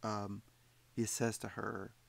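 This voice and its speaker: A man's voice: on the low side, level tone, slow pace, creaky. A man teaching a psychology class, talking conversationally and putting questions to his students. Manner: conversational, repeats himself, asks students questions. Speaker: psychology instructor. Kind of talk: recorded lecture commentary.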